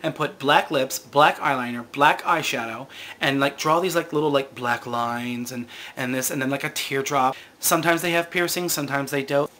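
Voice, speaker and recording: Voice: medium pitch, moderate pace, hardly any pauses, sharp tone, slight background noise. A vlog host delivering a sarcastic, profane comedic rant to camera and laughing often.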